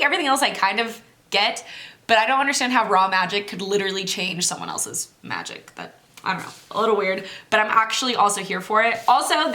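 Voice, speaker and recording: A woman's voice: medium pitch, sharp tone. A young woman chatting casually on her vlog about a book, mildly critical, with lots of fillers. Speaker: book vlogger.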